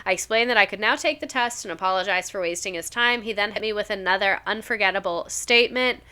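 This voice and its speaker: Bright-voiced young woman streamer. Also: mid-range voice, fast talker, clear, resonant tone. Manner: chatty, reads submissions aloud, reacts emotionally. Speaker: streamer reading viewer stories. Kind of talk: casual live-stream chat.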